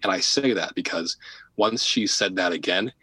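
A man guest on a podcast telling a story in casual, animated talk, often laughing, repeating words and dropping to a hush at tense moments. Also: deep voice, moderate pace, slightly rough, no echo, rough recording. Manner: drops to a hushed voice for tense moments. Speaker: podcast guest, paranormal investigator.

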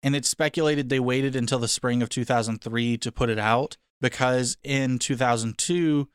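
Smooth-voiced man in casual review chat. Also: medium pitch, fairly even intonation, moderate pace, no room sound, studio quality. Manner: rambling, frank, mocking. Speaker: podcast co-host.

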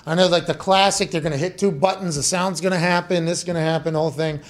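A young man hosts a podcast, spinning animated stories in a loose, casual chat. He swears freely and often laughs mid-sentence, and his voice sits a little high for a man. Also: quick pace. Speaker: podcast host.

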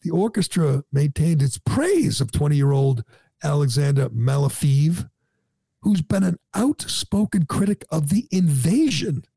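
A man's voice: on the high side, lively intonation, measured pace, creaky, warm tone, breathy edge, dry recording. A man hosting a talk show, ranting in an indignant, sarcastic way. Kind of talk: opinionated talk radio chat.

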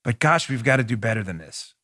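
A man's voice: mid-range voice, big pitch swings, brisk, pushed and bright, dry recording, studio quality. Indignant male political podcast host. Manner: impassioned, indignant, stumbling restarts.

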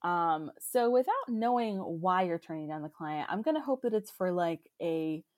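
A woman's voice: on the low side, expressive, moderate pace, darkish tone, no echo. Young woman, podcast co-host, chatty and rambling, dry close sound. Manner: chatty, rambling, frequent fillers and restarts. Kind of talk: casual chat.

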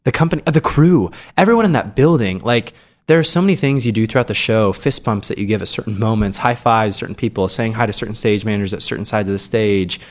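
A man's voice: on the low side, fast. A man who is a stage actor, talking as a podcast guest in casual chat, rambling with frequent restarts.

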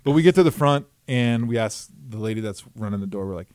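A man in his thirties, a podcast co-host and former football player, telling stories in a relaxed, lively way and acting out the other people's voices. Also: on the low side, fast talker, smooth, dry recording, clean studio sound. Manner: animated storyteller, acts out the voices of others. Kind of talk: casual storytelling chat.

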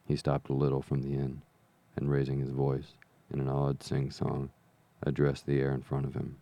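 A man narrates a classic novel for an audiobook, steady and measured. His voice is extremely deep and dark, with a gravelly fry. The line stays flat, with little rise and fall. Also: dry recording. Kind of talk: scripted narration.

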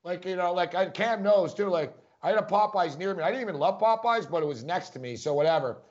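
A man with a New York accent, rambling through a story at high speed and laughing easily as he co-hosts a casual podcast. His voice sits high for a man, and the audio has a dull, lo-fi quality. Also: lively intonation. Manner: fast-talking, rambling, laughs often. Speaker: podcast co-host. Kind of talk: casual chat.

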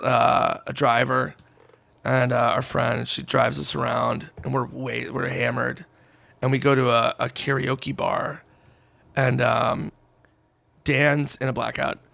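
A man telling a story in casual podcast chat, animated and swearing, acting out what others said. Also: medium pitch, gravelly, dry recording. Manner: animated, swearing, acts out quotes. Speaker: podcast guest.

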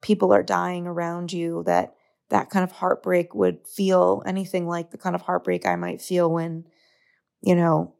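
Gravelly-voiced earnest woman podcaster. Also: fairly low pitch, fairly even intonation, unhurried, a little mellow. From United States. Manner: earnest, open, confiding. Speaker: podcast host. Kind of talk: solo reflective podcast monologue.

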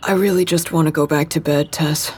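A groggy, sarcastic young man roused from bed, as a woman narrator reads him. The voice sits low and a little husky, dry and unimpressed. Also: fairly even intonation, a little fast, darkish tone. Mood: sleepy. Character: grumpy sleepy young man, Kevin.

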